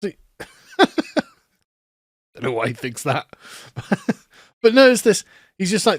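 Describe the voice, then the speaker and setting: Male commentator, high voice, dry close sound, sarcastic mocking delivery. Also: very animated, slow pace, pauses often, no room sound. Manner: sarcastic, laughing, mimics others in voices. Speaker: commentary host.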